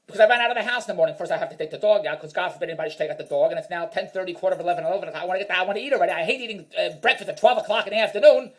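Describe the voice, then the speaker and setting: A man's voice: high voice, very fast, hardly any pauses. A man telling a rambling, self-mocking stand-up story in an exasperated rant. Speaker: stand-up comedian.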